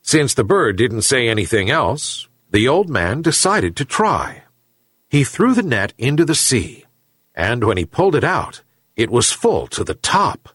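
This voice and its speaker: A man narrating a children's fable with an expressive, animated delivery and a lively melody. His voice is slightly husky, recorded close and dry. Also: medium pitch, a little slow, no room sound. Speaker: storyteller. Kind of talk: storybook narration.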